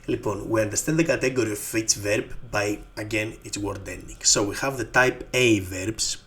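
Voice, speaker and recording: A man's voice: fairly low pitch, fairly even intonation, moderate pace, a bit bright. A man with a Greek accent, a native Greek speaker teaching his language in English, patiently repeating each form. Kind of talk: slow explanatory lesson.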